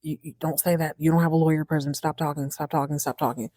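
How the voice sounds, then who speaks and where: A woman's voice: low-pitched, flat delivery, quick pace, dry recording, clean studio sound. A woman voicing an irritated man who urgently tells someone to stop talking, in a podcast recap. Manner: urgent, hushing.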